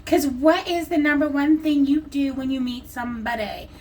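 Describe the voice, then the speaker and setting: A woman's voice: high-pitched, steady tone, moderate pace, a little mellow. A woman chatting to camera at home as a vlogger selling nail strips, rambling and joking as she goes. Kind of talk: casual chat to camera. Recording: distant mic with clear background noise.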